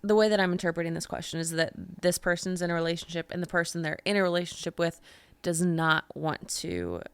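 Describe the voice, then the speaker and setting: A young woman hosts a podcast in a casual, chatty way, telling stories with plenty of "like". Her voice sits a little low. The sound is dry and close. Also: fast talker, clear, resonant tone, dry recording. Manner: chatty, animated storytelling with frequent "like". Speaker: podcast host. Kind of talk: casual chat.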